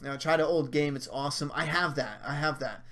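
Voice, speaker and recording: A man's voice: fairly high pitch, brisk, fairly bright tone. Profane, fired-up man ranting on a livestream. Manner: profane, heated rants with mocking asides. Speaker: livestream host answering viewer chat. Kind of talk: casual livestream chat.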